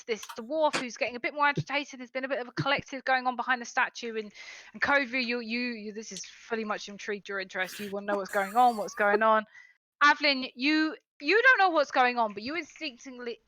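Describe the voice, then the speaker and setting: Bright-voiced woman game master. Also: a little high, low-quality recording. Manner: rambling, self-correcting narration. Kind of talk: narrating a tabletop game.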